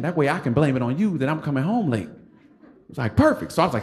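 A man, a stand-up comic telling a funny story live on stage, animated and laughing as he acts out other voices. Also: medium pitch, fast. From Detroit. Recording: roomy stage sound with noise.

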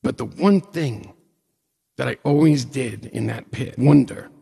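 A man's voice: mid-range voice, a little slow, gravelly, long pauses, husky. A man in his forties or older, telling a personal story with humor and acting out the dialogue. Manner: animated, self-mocking, acts out dialogue. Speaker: storyteller on stage. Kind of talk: personal story told to an audience. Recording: long hall reverb.

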